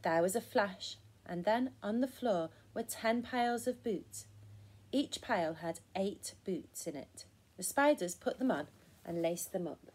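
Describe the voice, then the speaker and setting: A woman reading a picture book aloud to children, expressive and inviting them to count along. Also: mid-range voice, unhurried, slightly rough. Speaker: children's storyteller. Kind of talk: children's story time read-aloud.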